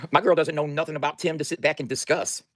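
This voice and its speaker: A man's voice: a little high, normal speed, fairly bright tone, no echo. A man casually chatting on his live stream from home, joking loosely with plenty of profanity. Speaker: livestreamer. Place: indoors at home.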